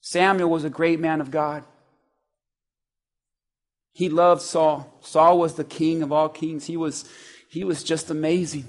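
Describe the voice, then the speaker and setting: A man preaching a sermon, speaking to the congregation conversationally and building from quiet asides to loud, urgent passages. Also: fairly high pitch, flat delivery, a little slow, long pauses. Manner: conversational, quotes scripture in voices.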